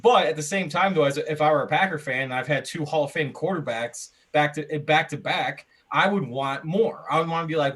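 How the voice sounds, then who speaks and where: An American man co-hosting a podcast argues about sports in a casual, animated debate, restarting his sentences many times. His pitch is fairly high, and he speaks fairly quickly with few pauses.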